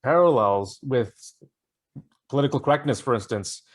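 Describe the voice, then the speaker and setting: A man's voice: medium pitch, lively intonation. Hesitant male podcast co-host. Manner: halting, hesitant storytelling. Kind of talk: casual political chat.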